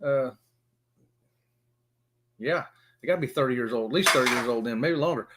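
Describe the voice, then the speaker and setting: A man in his fifties with a Southern US accent, hosting a casual live stream and greeting viewers by name in a folksy, excitable way. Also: mid-range voice, moderate pace, noisy background. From Florida.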